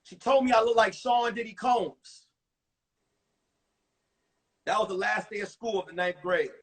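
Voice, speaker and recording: A man in his forties, a comedian telling crude, animated stories about his school days on a phone livestream. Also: sits high, a little slow, husky. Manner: animated, profane storytelling with acted-out voices. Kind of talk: stand-up storytelling on a livestream.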